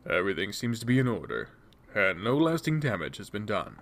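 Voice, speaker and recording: A man doing a brisk, impersonal doctor. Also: lowish voice, big pitch swings, a bit bright. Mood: calm. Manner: brisk, matter-of-fact. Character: calm, impersonal male doctor.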